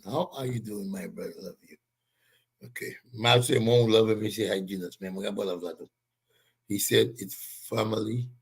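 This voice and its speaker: Husky man ranting politics. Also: lowish voice. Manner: heated, emphatic, greets viewers by name. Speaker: political commentary show host. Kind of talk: live-stream political commentary.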